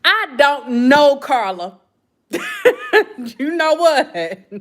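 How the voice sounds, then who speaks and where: A woman's voice: high voice, very animated, very slow. A woman, telling a gossip story in casual chat and laughing often. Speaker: vlogger.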